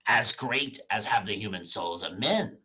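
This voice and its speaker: A man's voice: fairly low pitch, expressive, unhurried, pushed and bright, slightly rough, lo-fi sound, heavily acted. Man reading as a cunning tempting devil. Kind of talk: dramatic reading of a play.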